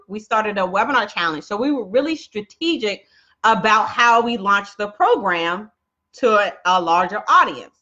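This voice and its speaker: A woman's voice: medium pitch, sharp tone, highs cut off. A woman coaching viewers on a casual live stream, chatty and laughing often, talking straight to her audience.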